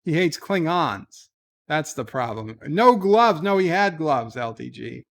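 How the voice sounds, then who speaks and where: Lively man reading his stream chat. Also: fairly high pitch, unhurried, vocal fry. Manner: reads viewer messages aloud with animated emphasis. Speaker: livestream host reading chat. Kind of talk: casual livestream chat. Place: home, talking from bed.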